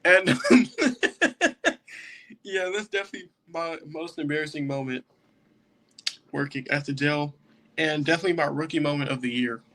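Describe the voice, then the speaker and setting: A man's voice: fairly high pitch, moderate pace, long pauses, pushed and bright. A young man, a jail deputy and podcast guest, telling a story casually and laughing often as he goes. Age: young adult.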